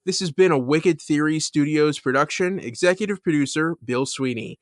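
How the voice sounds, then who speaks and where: A man's voice: fairly high pitch, normal speed, dry recording, clean studio sound. A man co-hosting a podcast in casual chat, rambling with many fillers and restarts, laughing as he retells a scene. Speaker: podcast co-host.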